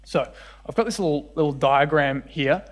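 A man preaching a sermon in church, animated and often acting out the voices in his stories. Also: a little high, moderate pace. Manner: animated, acts out voices in quoted dialogue. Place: church service with congregation.

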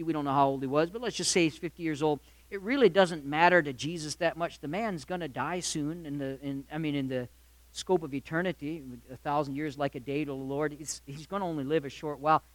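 Male pastor, high bright voice, dry close sound. Emphatic sermon delivery that swings loud to quiet, full of rhetorical questions to the room. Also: no echo. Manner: addresses listeners directly, asks rhetorical questions. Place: church or hall with live congregation.

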